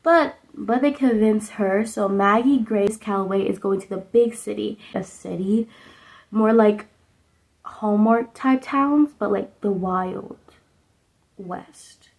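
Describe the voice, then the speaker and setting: A woman's voice: mid-range voice, unhurried, creaky, a little mellow, low-quality recording. Young woman chatting casually about a movie. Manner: rambling, full of "like" fillers. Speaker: vlogger reviewing a movie. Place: indoors at home under a sunset lamp.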